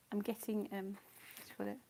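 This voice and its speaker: Chatty woman painting, gravelly voice. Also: medium pitch, flat delivery, measured pace, slight background noise. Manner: chatty, rambling, often drifting into soft whispers and giggles. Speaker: painting channel host. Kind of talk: casual chat while painting.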